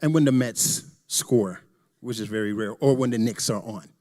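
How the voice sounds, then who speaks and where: A middle-aged man giving a candid, joking talk to a church audience, swinging between loud emphasis and quiet asides. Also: mid-range voice, moderate pace. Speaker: church presenter.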